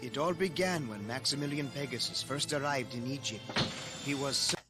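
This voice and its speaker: A man's voice: mid-range voice, natural voice. A man voicing a solemn mystic guardian. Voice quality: grave, measured delivery. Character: solemn mystic male guardian of ancient relics. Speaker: character in a dubbed cartoon. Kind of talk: dubbed cartoon voice acting. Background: background music.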